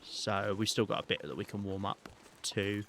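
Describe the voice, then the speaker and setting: Low-voiced British man thinking aloud. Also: moderate pace, fairly bright tone, slight background noise. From Britain. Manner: rambling, thinking aloud with many ums and restarts. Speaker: game streamer. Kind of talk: live gameplay commentary.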